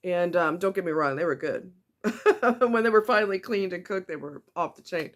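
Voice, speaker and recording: A woman vlogger speaks in a personal confessional style, her throat tight and her voice emotional. She talks haltingly, with frequent ums and restarts, and swears bluntly. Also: on the low side.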